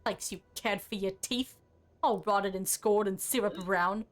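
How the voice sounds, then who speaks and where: A woman's voice: medium pitch, steady tone, a little slow, faint music behind, lightly acted. A woman voicing a sour old female corpse-robber who mutters to herself in a sing-song, broken way. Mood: muttering.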